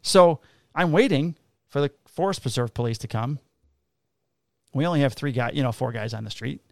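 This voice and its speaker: A man's voice: mid-range voice, moderate pace, vocal fry, no echo, clean studio sound. A man, a police officer casually telling profane stories and acting out the dialogue. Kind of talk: casual storytelling chat.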